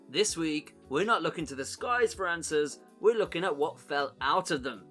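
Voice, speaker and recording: A man hosting a comedy podcast, jokey and energetic, with dramatic storytelling pauses. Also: a little high. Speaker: podcast host.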